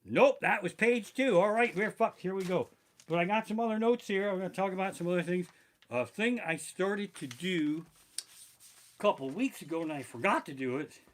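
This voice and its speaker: A comedian with a high voice, speaking at a moderate pace, live-streams from his living room over a barebones home mic. He tells rambling, profane stories and reads from his notes as storytelling stand-up.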